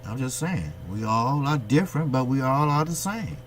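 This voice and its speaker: A man's voice: medium pitch, expressive, normal speed, a little hiss or hum. Blunt, ranting man talking boxing. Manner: blunt, profane, ranting delivery; talks straight to his viewers, with rhetorical questions. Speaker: boxing channel host. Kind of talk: opinionated boxing commentary monologue.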